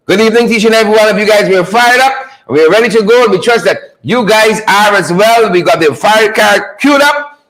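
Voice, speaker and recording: A man's voice: sits high, brisk, fairly bright tone, rough recording. Fired-up man hosting a live show. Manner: fired-up, repeats catchphrases and greets viewers by name. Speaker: host of a live online talk show. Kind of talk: energetic live-stream greeting of viewers.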